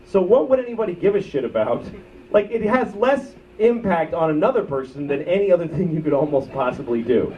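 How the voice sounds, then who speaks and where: A man in his thirties doing live stand-up, profane and ranting, swinging from loud outbursts to low muttered asides. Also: very animated, brisk. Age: 30s. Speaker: stand-up comedian. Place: comedy club stage. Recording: muffled bootleg recording from a distance with loud crowd noise. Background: audience laughter.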